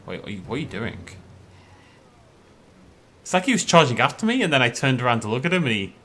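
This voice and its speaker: Guy doing a let's play, talks to the npcs, bright tone, pitch all over the place. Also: big pitch swings, fast. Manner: chatty, talks to enemies, jumpy outbursts. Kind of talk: live gameplay commentary.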